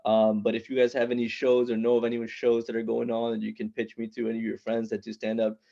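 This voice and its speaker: A man's voice: medium pitch, completely flat delivery, quick pace, vocal fry, dark tone, lo-fi sound. A man in his thirties doing a stand-up comedy set, rambling and conversational, often restarting his sentences. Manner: rambling, conversational, self-interrupting. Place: small open-mic venue, online.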